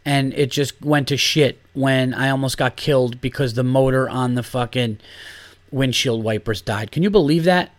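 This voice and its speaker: A man, hosting a solo podcast and ranting, animated and profane, getting loud and high when worked up. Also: normal speed, dry recording. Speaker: podcast host.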